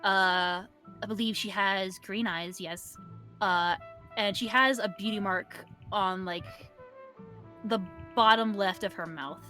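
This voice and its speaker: A woman's voice: medium pitch, slow, bright, forceful tone, faint music behind. A woman narrating as game master in a casual tabletop game, chatty and full of fillers.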